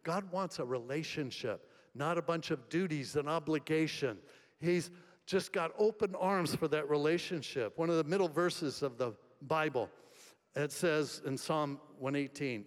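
A man preaching a sermon in a conversational storytelling way, swinging between soft and emphatic delivery. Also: medium pitch, unhurried. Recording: long hall reverb.

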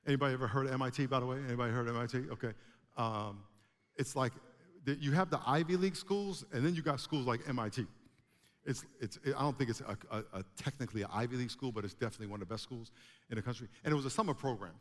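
A man preaching a sermon to a congregation, animated, with emphatic rising bursts. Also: medium pitch, fast. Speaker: pastor. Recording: long hall reverb.

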